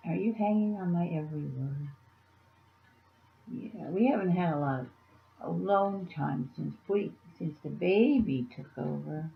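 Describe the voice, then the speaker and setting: A woman vlogging casually, rambling through a dream story and talking softly to her cat. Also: low voice, lively intonation, unhurried, gravelly, reverberant, lo-fi sound, slight background noise. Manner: meandering, soft-spoken to her cat. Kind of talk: casual vlog.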